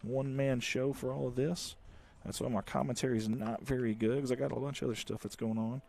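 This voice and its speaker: A man calling a live high school baseball game by himself, in folksy, chatty play-by-play that jumps up on the big plays. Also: a little fast, creaky. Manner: folksy one-man commentary, excited calls. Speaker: play-by-play announcer.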